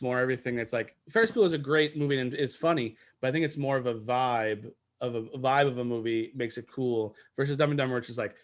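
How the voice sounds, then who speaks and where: Rambling New man chatting. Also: medium pitch. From New York. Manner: rambling, many fillers and restarts. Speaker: podcast co-host. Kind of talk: casual chat.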